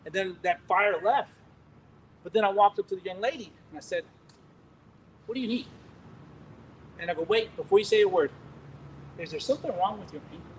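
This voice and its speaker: A man preaching, telling a testimony in an animated, rambling way with laughs and restarts. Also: high-pitched, a little fast, pauses often, slight background noise, poor audio. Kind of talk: sermon testimony storytelling.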